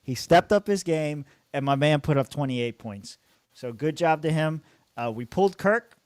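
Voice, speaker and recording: A man's voice: a little high, moderate pace, a little mellow, clean tone, dry recording. A young man co-hosting a podcast, rambling casually about his fantasy football team, swearing freely and laughing often. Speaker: podcast co-host.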